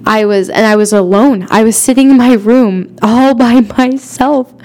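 A woman's voice: fairly high pitch, measured pace, a little mellow. A young adult woman telling a personal faith story in a casual, chatty way, earnest and emotional, with many fillers. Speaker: podcast host.

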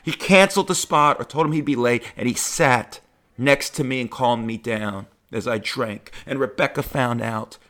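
A middle-aged man, a stand-up comedian, telling personal stories in a profane, heartfelt, animated way. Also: mid-range voice, moderate pace. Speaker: stand-up comedian, podcast host. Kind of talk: personal storytelling monologue.

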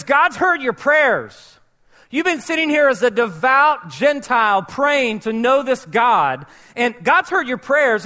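A man's voice: very high-pitched, sharp tone. A man preaching a sermon, telling a Bible story and acting out its characters' voices. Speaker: pastor.

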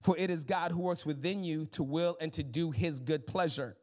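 A young man preaching a sermon as pastor, casual and humorous, calling the crowd y'all and swinging between soft asides and loud exclamations. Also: on the high side, normal speed. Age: young adult.

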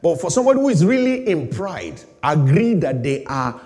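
Man preaching a dynamic sermon in a reverberant hall. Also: very animated. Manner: preaching with sudden swings between loud, high bursts and low, slow emphasis. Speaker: pastor.

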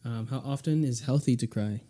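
A man hosting a podcast, firing quick questions at a guest and laughing often between them. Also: mid-range voice, dark tone. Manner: laughs often, stumbles and restarts. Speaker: podcast host. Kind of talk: casual rapid-fire questions.

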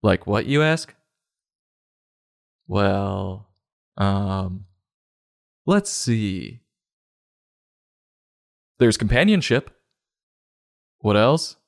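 A man's voice: fairly low pitch, extremely slow, gravelly, long pauses. A man reading a children's book aloud with sardonic, irreverent commentary. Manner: sardonic, irreverent, deadpan asides. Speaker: comedic book reader. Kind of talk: sarcastic storybook commentary.

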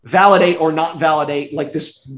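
A man's voice: fairly high pitch, steady tone, normal speed, fairly bright tone. Rambling man with roomy echo. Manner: rambling, filler-heavy, laughs often. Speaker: podcast co-host. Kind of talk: casual chat reviewing a movie.

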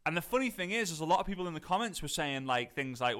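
A man's voice: on the high side, very animated, quick pace, pushed and bright. Male coach, Liverpool accent, casual motivational talk full of restarts. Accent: Scouse (Liverpool). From Liverpool area, England. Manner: chatty, rambling, frequent "right?" and restarts.

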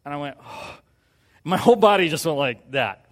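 A man preaching a sermon, telling a personal story and acting out quoted lines in a hushed voice before pushing to loud emphasis. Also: fairly high pitch, expressive, normal speed, long reverb tail. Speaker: pastor.

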